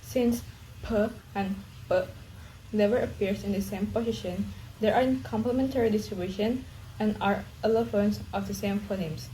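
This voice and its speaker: A woman's voice: mid-range voice, fairly even intonation, brisk, dark tone, slight background noise, low-quality recording. A woman student reading a presentation, saying each example word twice.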